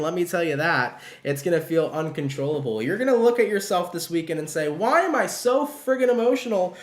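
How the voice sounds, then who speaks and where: A man's voice: fairly high pitch, echoey room. A young adult man giving a casual tarot reading in an upbeat, slangy way, often calling his listeners baby. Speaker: tarot reader.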